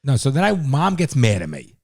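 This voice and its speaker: A man's voice: mid-range voice, wildly swooping pitch, fairly quick. A middle-aged father co-hosting a podcast, talking in a blunt, heated way and swearing often in casual chat.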